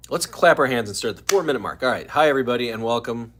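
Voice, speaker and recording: A man's voice: medium pitch, expressive, quick pace, few pauses, fairly bright tone, slight background noise. A man hosting a casual live stream from home, rambling and chatty as he greets viewers by name.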